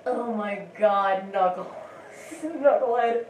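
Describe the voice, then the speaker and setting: At a slow pace and medium pitch, a woman rambles and giggles through casual commentary on her gameplay, often breaking off to restart sentences. The recording is roomy, with her set back from the mic and a faint hiss beneath.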